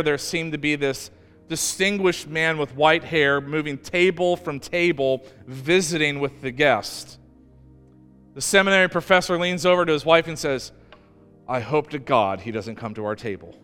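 A man preaching a sermon as pastor, telling stories with emphasis and slowing down to stress key words. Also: a little high, fairly bright tone, clean tone, long reverb tail.

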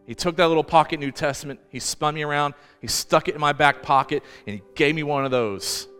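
A man's voice: a little high, sharp tone, clean tone, in a large hall. A man pastor giving a personal sermon, earnest and close to tears, often restarting his sentences. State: emotional, near tears. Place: church.

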